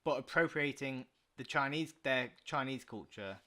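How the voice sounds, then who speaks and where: A young Englishman co-hosting a casual podcast chat, arguing his side with rising force. His voice sits at a middle pitch, and he talks in quick bursts full of restarts. He sounds like a young man in a relaxed but heated debate. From England. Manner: argumentative, rising in pitch and volume when pressing a point. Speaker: podcast co-host.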